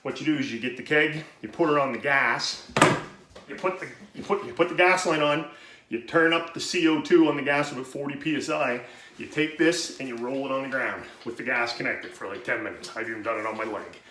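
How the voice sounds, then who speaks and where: Breathless, bright-voiced homebrew guy, rambling. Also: mid-range voice, brisk. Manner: rambling, profane, self-interrupting. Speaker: home brewing video host. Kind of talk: casual how-to demonstration. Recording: roomy echoey room, faint noise.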